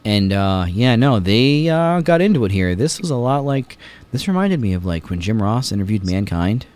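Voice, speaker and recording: A man's voice: on the low side, very animated, normal speed, darkish tone, smooth. A man hosting a podcast, chatting casually and jokingly retelling scenes with many fillers. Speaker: podcast host. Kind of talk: casual chat.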